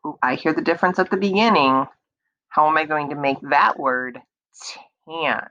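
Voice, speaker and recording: A woman teacher giving a slow, patient early reading lesson to young children, repeating words and stretching out sounds to encourage them. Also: deep voice, sharp tone, highs cut off.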